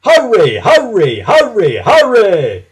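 A man's voice: high voice, wildly swooping pitch, slow pace, husky, pitched above the performer's own voice, heavily acted. A man voicing a big, strong, boastful male express engine in a storybook reading, with gloating, bossy calls.

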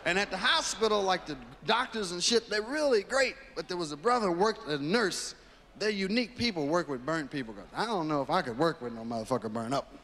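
High-voiced profane stand-up comic. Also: male voice, a little fast. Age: 30s. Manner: profane, animated, acts out voices. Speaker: stand-up comedian. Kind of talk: stand-up comedy storytelling. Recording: live reverberant hall with background noise.

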